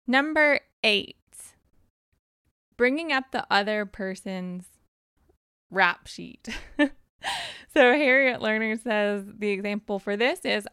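A woman's voice: mid-range voice, slow, pauses often, fairly bright tone, smooth, no echo, clean studio sound. A woman giving casual, direct advice and counting off numbered points in a frank way.

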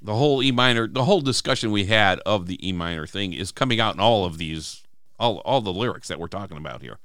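A man's voice: fairly low pitch, animated, quick pace, a bit bright, no room sound, clean studio sound. A man co-hosting a podcast, talking through song lyrics in casual, emphatic chat and acting out quoted lines. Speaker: podcast co-host.

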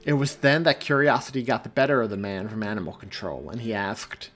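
A man reads his own story aloud in a measured, expressive audiobook style. His voice sits fairly low, and faint music plays underneath. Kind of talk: audiobook narration.

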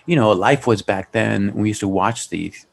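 A man's voice: lowish voice, moderate pace, vocal fry. A man with a Chicano accent, co-hosting a podcast in casual chat, rambling and laughing as he reminisces. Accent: Chicano English. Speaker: podcast co-host.

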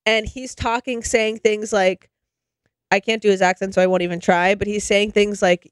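A woman co-hosting a chatty podcast, retelling scenes in an animated way and peppering her talk with "like.". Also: medium pitch, moderate pace, smooth, dry recording. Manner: animated storyteller, heavy use of "like". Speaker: podcast co-host. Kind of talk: casual chat, animated retelling.

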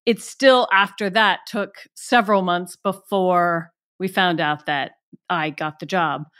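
A middle-aged actress guest telling a story in a casual interview, animated and laughing as she goes. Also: on the low side, a little slow.

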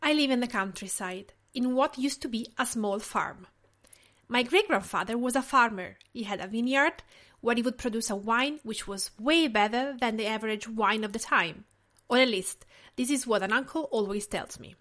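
A woman with an Italian accent hosts her podcast in a slightly high voice, reading a prepared script. She speaks in a gentle, measured way and pauses between phrases. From Tuscany, Italy. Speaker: podcast host.

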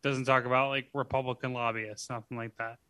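A man's voice: medium pitch, level tone, brisk, bright, forceful tone, smooth, no room sound. A man co-hosting a podcast, joking and swearing in loose casual chat with many fillers. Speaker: podcast co-host.

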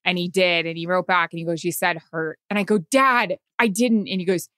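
A woman's voice: fairly low pitch, a little fast, fairly bright tone, dry recording, clean studio sound. A woman, a sideline reporter, telling an anxious story in casual chat.

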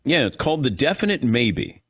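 Male radio host, casual and lively, close dry studio mic. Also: medium pitch, moderate pace, husky, no echo. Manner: lively, laughs often, takes calls.

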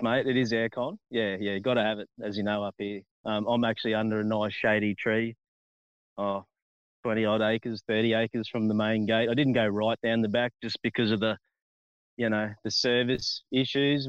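A man's voice: lowish voice, flat delivery, moderate pace, smooth, dry recording, dull audio. An Australian man, a chef, chatting outdoors on a farm in a friendly, laid-back way. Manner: friendly, laid-back, says mate a lot. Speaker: chef and guest. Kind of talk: casual interview chat. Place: outdoors on a farm under a shady tree. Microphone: phone on a tripod on a ute.

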